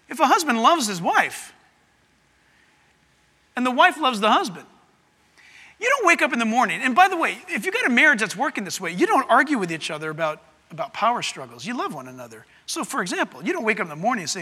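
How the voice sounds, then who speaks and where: A man preaches a sermon, his voice very high and sharply bright. He moves from quiet, intimate asides to loud, fervent passages. A long reverb trails each phrase, as in a big hall. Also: brisk, pauses often, husky. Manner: animated preaching, swings from soft to loud. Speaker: pastor.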